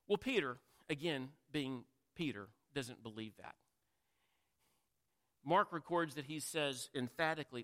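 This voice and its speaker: A man's voice: medium pitch, expressive, unhurried, pauses often, fairly bright tone. A man preaching a sermon in a conversational way, asking the listeners questions and acting out the quotes. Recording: long reverb of a large hall.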